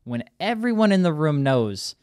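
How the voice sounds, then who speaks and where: A man's voice: a little high, sing-song, moderate pace, a little mellow. A young man hosting a car podcast, talking in a laid-back, teasing, profane casual chat. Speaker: podcast host.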